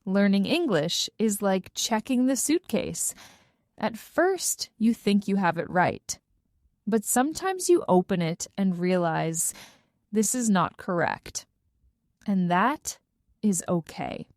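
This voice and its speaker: A woman reads a simple first-person story for English learners, slowly and clearly. Her pitch moves a lot, rising and falling to carry the story. The recording is close and dry. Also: dry recording. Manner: clear, carefully paced, expressive. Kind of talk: slow scripted storybook narration.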